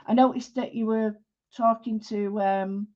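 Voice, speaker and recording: A woman with a broad Mancunian accent chats her way through a live-stream drawing lesson, rambling along and calling out viewers by name. Her voice sits slightly high. The audio is dull and lo-fi. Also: steady tone, unhurried, a little mellow. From Manchester, England. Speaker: art teacher hosting a live stream.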